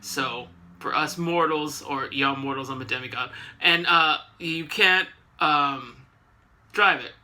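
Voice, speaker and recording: A man's voice: a little high, takes it slowly, sharp tone. A man recapping a comic book issue in a casual, sarcastic way, full of joking asides.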